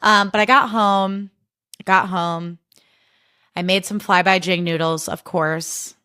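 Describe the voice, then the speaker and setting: A woman's voice: fairly low pitch, fairly even intonation, slow, bright, forceful tone, smooth, no room sound, studio quality. A young adult woman hosting a podcast alone, talking casually, candidly and emotionally, and swearing freely. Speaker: podcast host. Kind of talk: casual solo chat.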